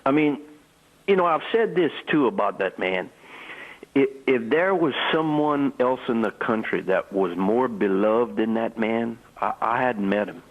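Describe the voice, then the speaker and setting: An older man, a former ballplayer, telling stories in an interview, halting and repeating words as he goes. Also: medium pitch, animated, phone-quality sound. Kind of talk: storytelling interview.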